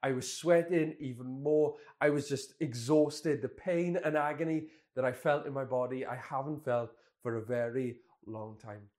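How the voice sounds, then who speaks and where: Candid young pastor telling a story. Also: male voice, mid-range voice, fairly even intonation, moderate pace, few pauses, a little mellow. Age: 20s. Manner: candid, self-deprecating anecdote telling. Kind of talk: storytelling sermon.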